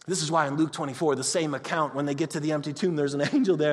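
A man preaching a sermon in a conversational way, moving between loud excitement and hushed, intimate talk. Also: a little high, racing, hardly any pauses. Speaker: pastor. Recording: long hall reverb.

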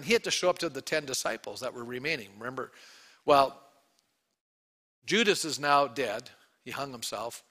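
A man, a pastor, preaching an Easter sermon to his congregation, telling the story with animated asides and questions to the room. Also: sits high. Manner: animated storytelling, acting out quotes.

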